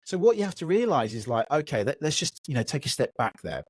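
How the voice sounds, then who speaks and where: Fields: Sex: man. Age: 30s. Role: podcast host. Style: lively casual storytelling. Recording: dry, close. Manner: animated, acts out voices. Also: a little high, fast talker, no echo.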